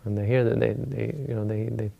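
A man, a Buddhist teacher, retelling a teaching story in a relaxed, conversational dharma talk. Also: lowish voice, a little fast, gravelly, muffled recording.

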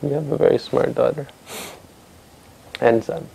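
A man's voice: medium pitch, steady tone, measured pace, vocal fry, dark tone, slight background noise, low-quality recording. A man telling a traditional story to a family audience in a conversational way, asking his listeners questions and often restarting his sentences.

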